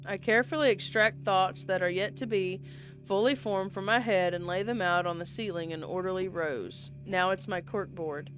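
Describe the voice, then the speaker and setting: A woman's voice: medium pitch, moderate pace. Female game reader, mid-range voice, performs every part herself, faint music bed. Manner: reads all parts herself, with casual asides. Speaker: game player reading aloud. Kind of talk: reading a visual novel aloud.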